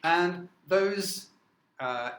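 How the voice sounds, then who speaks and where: Man from northern England, university lecturer, slightly high voice, halting lecture, echoey room. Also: expressive, fairly bright tone. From Newcastle, north of England. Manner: halting, many fillers and restarts, checks in with "okay?". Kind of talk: classroom lecture.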